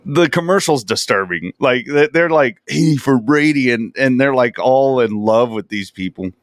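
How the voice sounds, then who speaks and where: A man's voice: medium pitch, animated, unhurried, dry recording, studio quality. A man co-hosting a podcast in casual chat, profane and mocking, often slipping into goofy impressions. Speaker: podcast co-host.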